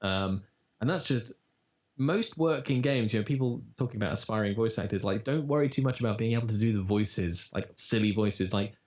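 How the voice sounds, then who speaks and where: A man in a relaxed interview, talking about his voice acting work. He tells stories with lively energy and drops into character voices now and then. His voice sits on the low side, and the recording sounds dull and lo-fi. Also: fairly quick. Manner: animated storyteller, breaks into demo voices. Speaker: voice actor. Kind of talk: casual interview chat. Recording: dull lo-fi audio.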